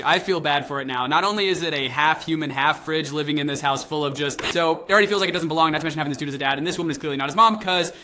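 Bright-voiced wry male commentator. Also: fairly high pitch. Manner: wry, incredulous, slips into mocking voices. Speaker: commentary host. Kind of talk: comedic video commentary.

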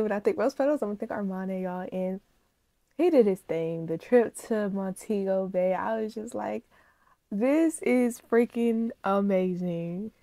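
A woman reaction vlogger in a casual chat to her viewers, speaking, animated, gushing and emotional. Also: medium pitch, no echo. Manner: chatty, animated, addresses viewers as y'all.

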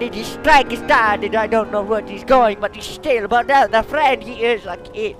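A young man giving excitable let's play commentary, exclaiming and reading game text aloud. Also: high-pitched, a little slow. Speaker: gaming YouTuber. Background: game music.

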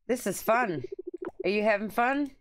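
A woman's voice: medium pitch, expressive, moderate pace, a little hiss or hum. A woman streaming a cozy game, chatting playfully with her viewers and reading dialogue aloud. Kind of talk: casual let's-play chat.

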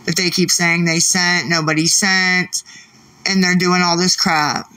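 A woman's voice: lowish voice, flat delivery, unhurried, sharp tone, recorded from a distance. A woman livestreaming late at night, irritated and swearing as she argues back at her chat.

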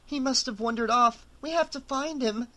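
A man's voice: extremely high pitch, moderate pace, pushed and bright, pitched above the performer's own voice. A man voicing a determined, worried teenage girl in an audiobook, urgent and insistent.

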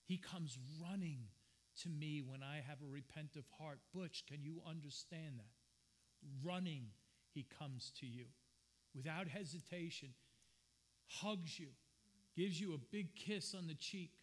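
A man's voice: fairly high pitch, unhurried. A man preaching a sermon as pastor, earnest and personal, telling stories from his own life in a church. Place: church sanctuary.

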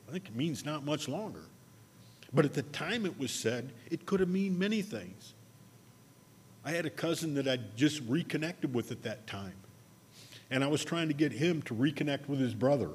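A man's voice: mid-range voice, a little mellow, slight background noise. Man preaching in an echoey church. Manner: conversational storytelling, slow emphatic stresses. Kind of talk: sermon. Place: church sanctuary.

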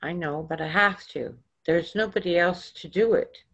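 A woman voicing a small, gentle, earnest boy who speaks in a childlike, plaintive way. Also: on the low side, moderate pace, breathy edge. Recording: dull lo-fi recording.

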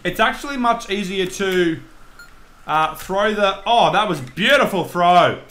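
A young man commentating on his own gameplay, excitable, swearing and shouting at the game. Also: high-pitched, measured pace. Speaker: gaming channel host.

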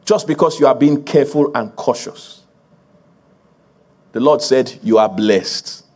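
A man's voice: medium pitch, unhurried, a little mellow. A man preaching a sermon as a pastor to his congregation, building emphasis with repeated phrases and laughing along with the crowd.

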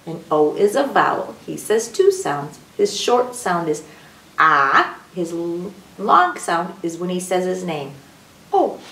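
Heard from a distance in an echoey room, a woman with a lowish, expressive, gravelly voice hosts a children's story time at a measured pace with few pauses. She teaches alphabet rhymes in a sing-song way, drawing out each letter's sound.

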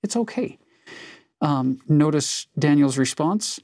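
A man's voice: fairly high pitch, expressive, takes it slowly, a little mellow, dry recording, studio quality. A man co-hosting a conversational Bible lesson, earnest and reflective as he reads and explains scripture. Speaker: scripture study co-host.

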